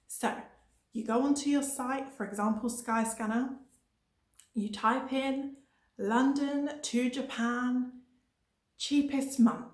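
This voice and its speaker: A young woman, a travel vlogger, gives budget tips in a bright, fairly high voice. She talks emphatically and motivationally, hammering her points home by repeating them. The room around her rings with a noticeable echo. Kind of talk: energetic budget travel advice. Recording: echoey room.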